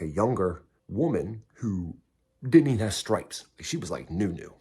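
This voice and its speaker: A man's voice: low-pitched, slightly rough. A man telling a story in a casual way, blunt and heavily profane, and mocking himself. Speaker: vlogger recounting prison time.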